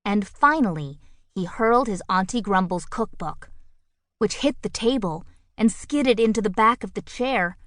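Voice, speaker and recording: Slow, lively woman reading a storybook. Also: mid-range voice, dry recording, clean studio sound. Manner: expressive, playful storytelling. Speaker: audiobook narrator. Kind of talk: children's storybook narration.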